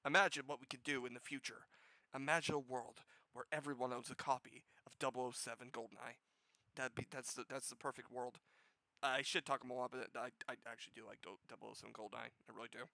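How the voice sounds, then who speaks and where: A man hosting a gaming news show with casual commentary, profane and sarcastic, jumping from loud outbursts to low muttering. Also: steady tone, fast talker, vocal fry, dry recording, rough recording.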